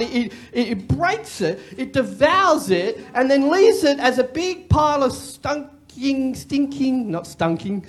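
A pastor preaching a sermon in an animated way, with joking asides and repeated key phrases. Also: medium pitch.

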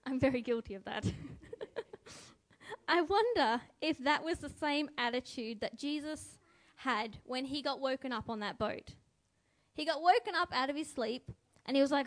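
Speaking at a measured pace in a high-pitched voice, a female devotional speaker reflects and asks her listeners questions. She brightens into a lively tone for quotations.

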